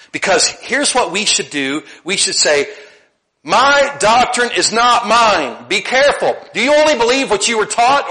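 A middle-aged male pastor preaching a conversational sermon, often repeating words and rising into animated bursts. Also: mid-range voice, rough recording.

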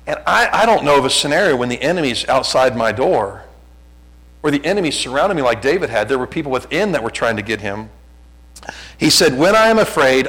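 A man's voice: mid-range voice, a bit bright, rough recording. A middle-aged man preaching a sermon as a pastor, conversational and self-deprecating, often restarting his sentences.

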